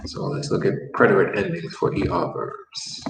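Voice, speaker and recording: A man's voice: sits low, little pitch movement, normal speed, vocal fry. A man teaching a Spanish lesson, patiently repeating words and explaining step by step. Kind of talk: classroom language lesson. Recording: echoey room, mic far off, faint background noise.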